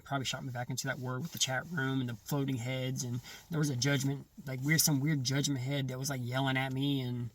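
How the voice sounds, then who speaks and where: Speaking in casual first person, a man recounts a personal testimony, halting often and restarting or correcting himself mid-sentence. His voice is mid-range, and he sounds far from the mic.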